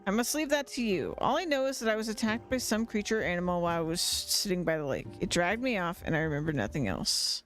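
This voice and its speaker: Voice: medium pitch, animated, fast, hardly any pauses, a bit bright, soft background music, close to an everyday voice. A streamer voicing the ghost of a young village woman who solemnly pleads for help.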